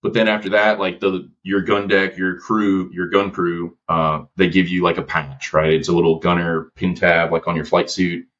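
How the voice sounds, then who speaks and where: Deep-voiced man telling war stories. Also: normal speed, hardly any pauses, highs cut off. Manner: slangy, lively, quoting others in his stories. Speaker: podcast guest, former gunship gunner. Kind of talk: casual storytelling interview.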